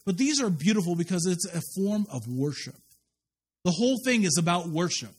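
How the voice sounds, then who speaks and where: A man preaching a sermon as a pastor, telling a personal story with lively quoted voices and frequent restarts. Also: high-pitched, fairly quick, breathy edge.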